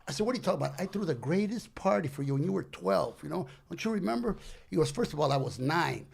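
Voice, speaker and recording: An older man tells a comic story in a high, gravelly voice. He acts out each character as he goes and sprinkles Spanish slang through the telling, in the easy flow of a podcast guest. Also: big pitch swings, quick pace, darkish tone. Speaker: guest comedian.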